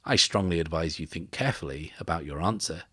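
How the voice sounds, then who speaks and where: A man voicing a mysterious, menacing stranger who talks in a slow, measured, quietly incredulous way. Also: sits low, breathy edge, no echo, studio quality. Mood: quiet menace. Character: mysterious, menacing man, soft-spoken and calmly threatening.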